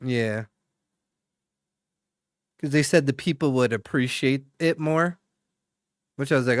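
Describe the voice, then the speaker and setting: Young male streamer, rambling casual chat with viewers, smooth clear voice, dry close sound. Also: medium pitch, takes it slowly, pauses often, no echo. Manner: rambling, chatty, full of fillers and restarts.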